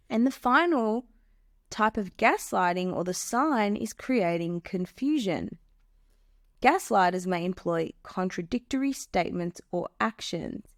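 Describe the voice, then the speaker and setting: A woman's voice: on the high side, no echo, studio quality. A woman hosting a podcast, earnestly giving relationship advice and explaining with examples. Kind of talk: solo advice talk.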